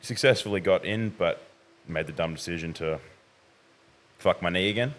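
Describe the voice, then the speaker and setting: A young man, a podcast guest talking through his recent past in a measured way, often hedging. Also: sits low, fairly bright tone, a little hiss or hum. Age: young adult. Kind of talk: casual interview.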